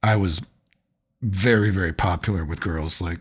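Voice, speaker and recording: A man's voice: deep voice, moderate pace, breathy edge. A man vlogging, telling personal stories in a loose, rambling way, full of fillers and frequent laughter. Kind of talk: casual rambling storytelling.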